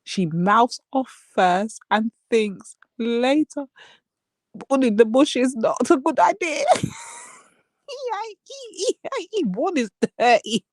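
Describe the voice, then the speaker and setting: A woman's voice: a little high, very animated, slow pace, no room sound, studio quality. A young woman hosting a live stream, gossiping with lots of swearing and frequent laughter, and mimicking the people she talks about. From England. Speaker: livestream host. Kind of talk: casual live-stream commentary.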